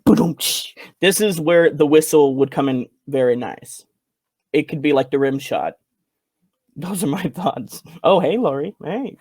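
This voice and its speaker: Here is a giggly podcast co-host chatting casually, a little hesitant and full of ums. His voice sits slightly high, and the recording is dry and close. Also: big pitch swings, moderate pace, a little mellow, no echo.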